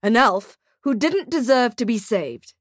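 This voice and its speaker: A man's voice: very high-pitched, lively intonation, a little slow, fairly bright tone, no echo, clean studio sound, heavily acted. A woman voicing a blustering, emphatic male mall manager in an audiobook.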